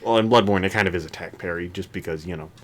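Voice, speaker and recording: A man's voice: sits low, very fast. A young man co-hosting a podcast in casual chat, laughing often and putting on voices when he quotes. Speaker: podcast co-host.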